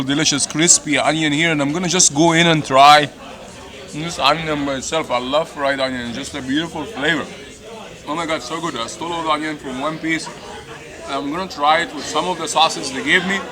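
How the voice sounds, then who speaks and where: A middle-aged man eating and reviewing a meal, effusive and a little hoarse from hot pepper. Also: on the high side. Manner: enthusiastic, repeats "delicious" and "beautiful". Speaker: food vlogger. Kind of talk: casual food review while eating. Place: busy restaurant, indoors. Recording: noisy restaurant with crowd chatter. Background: crowd chatter.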